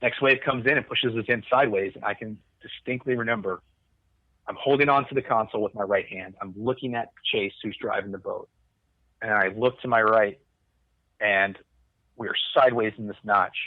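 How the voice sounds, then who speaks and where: A lower-voiced man recounts a story in a loose, rambling way, swearing freely and restarting his sentences. The sound is tinny and phone-like. The room adds no echo. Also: fairly even intonation, normal speed. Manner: rambling, profane, restarts often. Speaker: podcast guest, Coast Guard veteran. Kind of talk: conversational storytelling.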